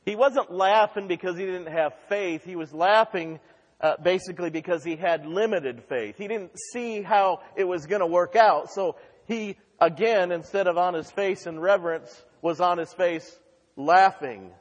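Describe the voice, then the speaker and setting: A man preaching a sermon with fervor, dropping to hushed lines and rising to shouts. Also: sits high, moderate pace, lo-fi sound. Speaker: pastor. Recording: long reverb of a large hall.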